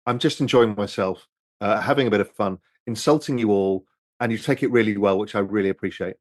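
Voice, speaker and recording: A man's voice: on the low side, fairly quick, no room sound. A man hosting a casual live-stream chat over drinks, reading out viewer questions in a rambling, candid way that includes swearing.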